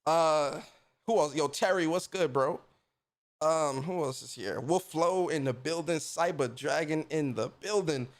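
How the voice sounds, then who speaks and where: A man's voice: a little high, a little slow. A man hosting a casual gaming livestream, greeting viewers by name in a laid-back, slangy way. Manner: laid-back slangy shout-outs, lively. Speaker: podcast host.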